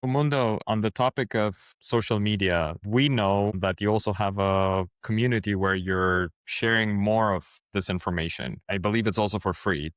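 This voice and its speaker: A man's voice: fairly low pitch, moderate pace, hardly any pauses, smooth, dry recording, clean studio sound. A man co-hosting a podcast, politely prompting the guest with questions. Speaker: podcast co-host. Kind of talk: casual interview chat.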